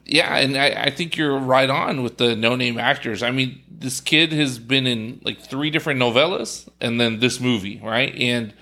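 A man co-hosting a podcast, giving blunt, animated opinions on a film in casual chat. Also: mid-range voice, normal speed, few pauses, faint music behind. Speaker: podcast co-host reviewing a film.

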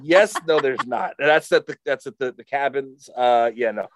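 A man casually telling a rambling, animated story full of fillers to a friend. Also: medium pitch, normal speed. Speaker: storyteller in a chat.

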